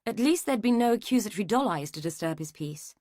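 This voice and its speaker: Her voice mid-range, a woman tells a mystery audiobook story from a script in a calm, even, measured way. The studio sound is clean and free of echo.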